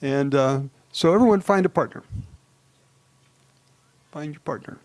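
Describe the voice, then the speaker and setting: A man with a slightly higher voice, leading a gathering hall through a live guided exercise. He sounds relaxed and chuckles often, and he draws each phrase out slowly and deliberately. The sound is dry and close to the mic. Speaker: spiritual speaker leading a group exercise.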